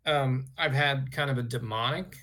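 Rambling male storyteller, mid-pitched. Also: moderate pace. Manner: rambling, animated storyteller with many fillers. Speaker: guest artist. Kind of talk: podcast storytelling.

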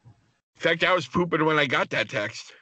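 A man's voice: fairly high pitch, expressive, normal speed, pushed and bright. A young man co-hosting a casual podcast, teasing and needling his friends in crude banter. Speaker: podcast co-host.

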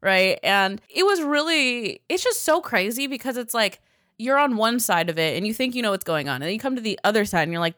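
A woman in her twenties telling stories in casual chat, animated and full of swearing. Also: on the high side, fairly quick, dry recording, clean studio sound. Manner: profane, animated storyteller.

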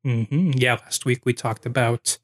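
A man co-host with a mid-range voice chatting loosely with his partner. He jokes, stumbles into quick restarts and keeps the tone light. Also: medium pitch, steady tone. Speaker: podcast co-host. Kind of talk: casual chat.

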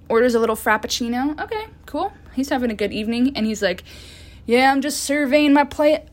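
Young woman, casual solo podcast, rambling, laughing, swearing, fairly high voice, phone mic. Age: 20s. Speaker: podcast host.

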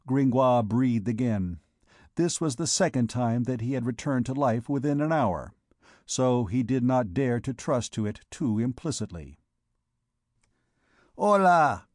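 A male audiobook narrator reading a classic novel in a slow, measured, formal way. His voice sits at an ordinary pitch. The recording is close and dry, with no room sound. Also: dark tone, no room sound.

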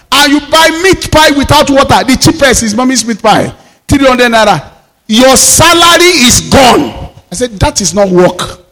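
A Nigerian man preaching a sermon as pastor, with fervent declarations that rise into shouts. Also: extremely high pitch, big-room sound.

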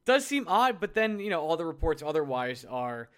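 Animated, joking man co-hosting a podcast. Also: fairly high pitch, normal speed, few pauses. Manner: animated, joking, self-deprecating. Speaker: podcast co-host. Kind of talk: casual sports talk.

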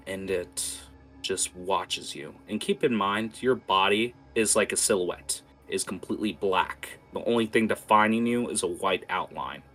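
A man's voice: sits low, unhurried, fairly bright tone, soft background music. A man running a tabletop game as game master, narrating scenes vividly with many fillers.

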